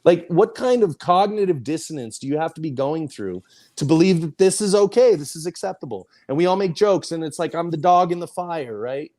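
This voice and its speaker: A man's voice: a little high, lively intonation, brisk, mellow. A man, a podcast host, venting emphatically with lots of swearing in casual group talk. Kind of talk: heated casual chat.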